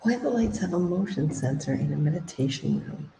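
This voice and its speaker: A woman's voice: on the low side, animated, fairly quick, vocal fry, background noise. A woman chatting playfully and teasing her partner on a livestream. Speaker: co-host on a livestream. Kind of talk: casual chat. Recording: roomy echo.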